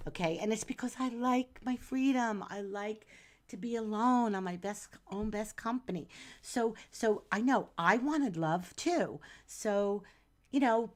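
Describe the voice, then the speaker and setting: A middle-aged woman from New Jersey, chatting casually as she reads a viewer's astrology chart on a live stream, calling the viewer hon and doll. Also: mid-range voice.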